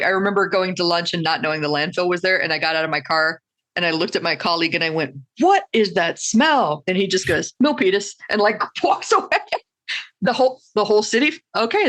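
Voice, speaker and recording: A woman's voice: fairly low pitch, lively intonation, brisk, a bit bright. A woman hosting a podcast in casual chat, telling stories with animation and laughing often. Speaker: podcast host.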